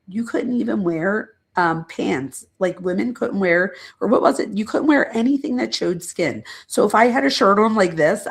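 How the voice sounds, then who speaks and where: A woman's voice: mid-range voice, creaky, husky. A middle-aged woman hosting a livestream, lecturing casually and chatting with viewers in rambling, self-deprecating asides. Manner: addresses chat viewers directly. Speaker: psychologist and true crime channel host.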